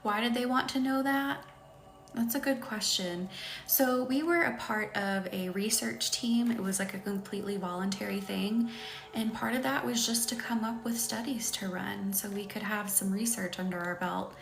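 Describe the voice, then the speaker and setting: A woman in her thirties leads spoken affirmations on a live stream, gentle and chatty, and keeps pausing to thank people in the chat. Her voice sits at a middling pitch. She talks into a computer mic in an echoey room with faint music behind her. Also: fairly even intonation, creaky. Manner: gentle, chatty, often breaking off to read comments. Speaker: healing coach hosting a live session.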